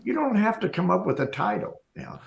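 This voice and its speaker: A man's voice: high voice, big pitch swings, a little fast, gravelly. A man co-hosting a casual livestream, rambling and laughing through the banter. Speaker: co-host.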